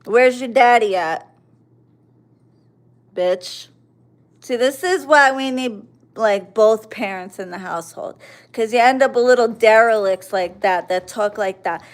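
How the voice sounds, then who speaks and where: A woman's voice: a little high, measured pace, long pauses. A woman in her forties, a livestream host, angrily ranting at commenters in a profane, confrontational and mocking way. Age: 40s.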